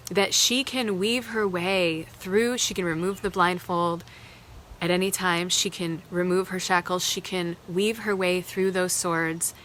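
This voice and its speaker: Earnest woman giving a bright live tarot reading. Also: mid-range voice, a little hiss or hum. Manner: earnest and emotional, thinking aloud with fillers. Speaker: tarot reader hosting a live moon reading.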